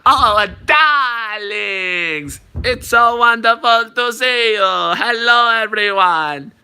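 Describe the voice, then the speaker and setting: A man's voice: sits high, animated, slow, pushed and bright, smooth, pitched above the performer's own voice, full character voice. A man doing an impression of a flamboyant tiny female fashion designer from a cartoon, in a dramatic, gushing voice.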